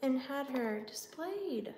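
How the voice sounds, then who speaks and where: A woman's voice: sits high, lively intonation, takes it slowly, darkish tone. A woman hosting a live sale and chatting casually, apologetic, drifting in and out of a British lilt. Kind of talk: casual live-stream chat. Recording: echoey room with faint noise. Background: dog barking.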